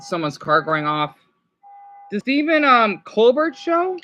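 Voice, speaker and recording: A woman streamer reacting to videos in casual, rambling chat, excitable and talking back to her viewers. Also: fairly high pitch, slow pace, lo-fi sound.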